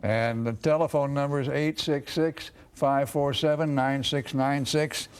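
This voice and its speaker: A man's voice: mid-range voice, steady tone, unhurried, clear, resonant tone. An older man hosting a TV talk show, chummy and encouraging as he prompts his guest. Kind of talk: relaxed interview talk. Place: TV studio.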